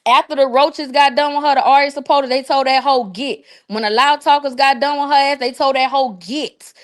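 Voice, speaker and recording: High-voiced woman ranting on a livestream. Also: steady tone. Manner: profane, mocking, drawn-out repetitions. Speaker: livestream host. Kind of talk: casual livestream rant.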